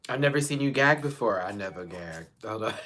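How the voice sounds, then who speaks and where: Animated chatty male live-streamer. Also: on the low side, brisk. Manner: chatty, expressive, swears casually, addresses viewers as y'all. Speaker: channel host. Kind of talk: casual live-stream chat. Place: seated at home in a chair.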